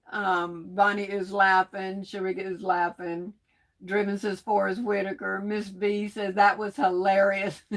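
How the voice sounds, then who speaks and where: A woman's voice: mid-range voice, a bit bright. A woman hosting a craft livestream, reading viewer comments aloud in a teasing, folksy way and laughing often.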